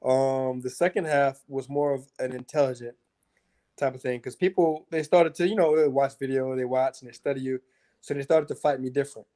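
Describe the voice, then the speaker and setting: An MMA fighter, a guest in a casual interview, tells his fight stories in a brisk mid-range voice. He's animated and profane and fills his speech with lots of filler words.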